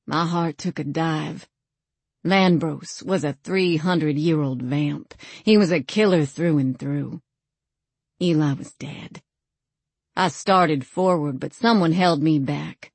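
Low, slow-paced woman narrating. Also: a little mellow, breathy edge, dry recording. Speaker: audiobook narrator. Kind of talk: first-person scripted narration.

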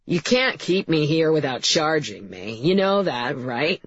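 A woman's voice: low voice, sing-song, a little slow, breathy edge, dry recording, exaggerated voice. A woman voicing a rude, defensive male suspect with a nasal, congested voice, in a slightly dull, dry recording. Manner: belligerent, swearing.

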